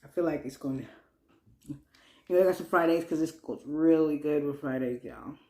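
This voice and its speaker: Excitable woman, echoey room. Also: deep voice, fairly quick. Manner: chatty, playful, excitable. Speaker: mukbang vlogger. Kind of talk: casual eating-show chat.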